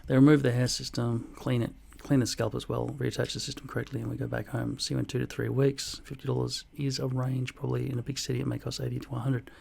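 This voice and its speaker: A man in his forties reading out viewer comments and answering them in a dry, deadpan way, with plenty of swearing. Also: mid-range voice, quick pace, vocal fry, few pauses, a little hiss or hum. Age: 40s. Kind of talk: casual comment-reply vlog.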